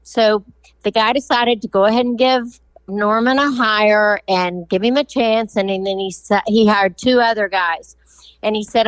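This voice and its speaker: A woman's voice: medium pitch, fairly even intonation, moderate pace, clear, resonant tone, no room sound, low-quality recording. A woman from Texas, co-hosting a podcast and telling jokes in a playful, casual way. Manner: playful storyteller. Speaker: podcast co-host.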